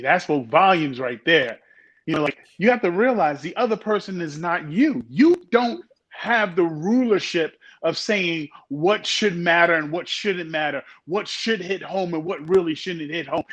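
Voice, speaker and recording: A man with a notably high voice reacts emphatically on a men's talk panel. He punches his points with animated exclamations and repeats lines for effect. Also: unhurried. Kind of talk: casual conversational talk.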